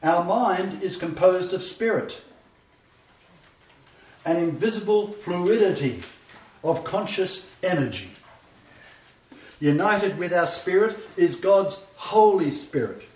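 A man's voice: sits high, expressive, takes it slowly, pauses often, darkish tone. A man preaching with emphatic repetition, his voice slightly raised. He is recorded from a distance in an echoey room, and the sound is a little dull. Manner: emphatic, repeats scripture phrases. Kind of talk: sermon with congregation interjections.

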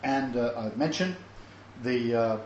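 A man's voice: medium pitch, unhurried, darkish tone, slight background noise. An older man teaching a Bible lesson, rambling in a chatty storytelling way with many fillers. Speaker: teacher of a Messianic Bible study. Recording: echoey, slightly dull room recording with faint ambience.

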